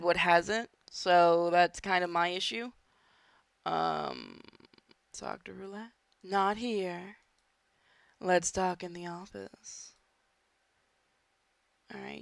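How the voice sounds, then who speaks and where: A gaming host giving casual, chatty commentary while playing, drifting from quiet mutters to sudden shouts. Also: mid-range voice, creaky, clear, resonant tone, dry recording.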